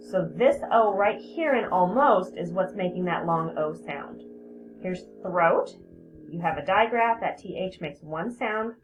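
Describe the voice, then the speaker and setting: A woman teaching a spelling lesson to young children, patient, sounding out words and repeating them. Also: on the low side. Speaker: elementary school teacher. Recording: tinny phone-like audio with steady background hiss.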